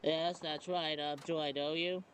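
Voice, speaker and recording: A man's voice: a little high, level tone, unhurried, a little hiss or hum. A man reading a game aloud, voicing a polite, timid teenage girl who apologizes and hesitates. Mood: apologetic. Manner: apologetic, soft-spoken, hesitant.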